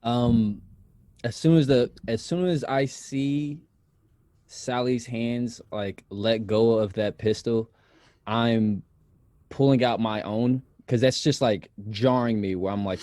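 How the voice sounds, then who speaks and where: Mellow, slow male tabletop player. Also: mid-range voice, no echo. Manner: halting, self-correcting action declarations. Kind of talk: in-character tabletop play.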